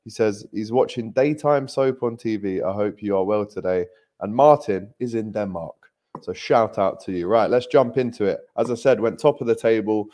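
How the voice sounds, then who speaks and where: A young man co-hosting a podcast, chatting casually and upbeat about football with quick, bantering asides. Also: lowish voice, dark tone. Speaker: podcast co-host.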